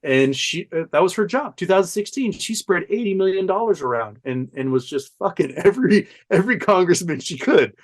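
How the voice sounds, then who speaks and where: A man talking as a podcast guest, telling a story in an animated, profane way and laughing often. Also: high voice, a little fast, hardly any pauses. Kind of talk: casual storytelling chat.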